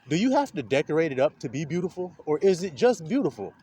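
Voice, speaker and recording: A man's voice: fairly high pitch, fast talker, slightly rough. A man giving an informal, blunt spiritual talk, laughing often as he preaches. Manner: animated, laughing, streetwise and blunt. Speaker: spiritual speaker.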